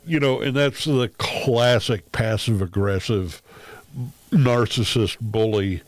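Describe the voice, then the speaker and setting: A man's voice: fairly low pitch, takes it slowly, no echo. A man talking casually on his livestream, rambling with frequent ums and wry laughs. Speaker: streamer.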